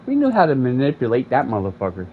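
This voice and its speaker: A man's voice: medium pitch, huge pitch swings, fast talker. A man, telling a profane, rambling story in casual chat while streaming a game. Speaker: gaming streamer. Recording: dull lo-fi mic with faint air conditioning hum.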